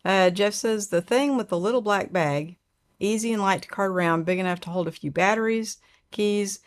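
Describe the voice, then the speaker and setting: A woman's voice: mid-range voice, moderate pace. An older woman with an Oklahoma twang hosting a casual livestream, chatting and reading viewer comments aloud in a rambling way. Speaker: livestream host.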